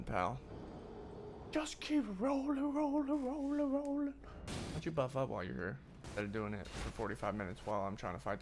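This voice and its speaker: A man's voice: mid-range voice, a little hiss or hum. A man streaming a video game, reacting aloud with sudden outbursts and swearing, often talking to the enemies on screen. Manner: excitable, swearing, talks to the game. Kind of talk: gaming commentary.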